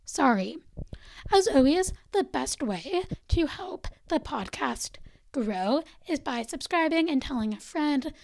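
A woman's voice: high voice, animated, slow pace, vocal fry, a little mellow, no room sound, poor audio. A woman podcast host reading a poem aloud with dramatic flair, then giving a chatty, upbeat sign-off. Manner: dramatic recitation, dropping to whispers on some lines. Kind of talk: poetry reading and podcast outro.

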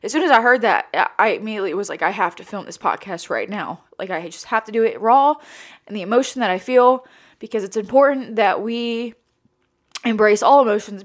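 A woman's voice: fairly high pitch, a bit bright. A woman hosting a solo podcast, tearful and rambling, with frequent restarts and casual swearing. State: tearful, voice breaking. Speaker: podcast host. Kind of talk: emotional solo podcast monologue.

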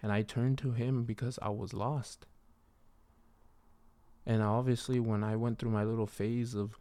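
A young man telling a personal faith story in a casual, rambling way, with many fillers and a soft, reflective delivery. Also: medium pitch, flat delivery, a little slow, dry recording. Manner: rambling, full of "you know" and "like". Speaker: vlogger sharing a faith testimony.

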